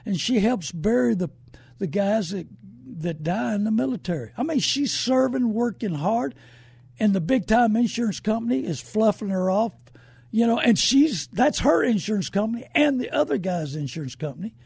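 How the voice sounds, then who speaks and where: A man hosting a call-in radio show, talking in a folksy, rambling way that builds to shouting. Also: sits high, lively intonation, moderate pace, gravelly, husky, dry recording.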